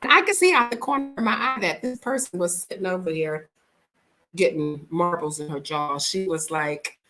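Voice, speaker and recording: A woman's voice: fairly low pitch, normal speed, faint music behind, poor audio. A middle-aged woman vlogging, telling stories casually and frankly and acting out the people in them. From United States. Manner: animated, frank, acts out the people in her stories. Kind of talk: casual storytelling to camera.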